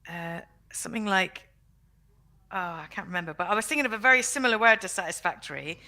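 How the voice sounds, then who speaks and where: A woman from England co-hosting a casual review show, animated and quick to laugh. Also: mid-range voice. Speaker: podcast co-host.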